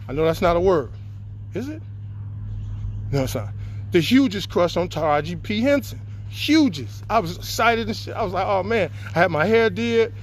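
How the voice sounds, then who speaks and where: A man telling a long personal story to his viewers in a casual, rambling way, breaking off to greet people. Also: high-pitched.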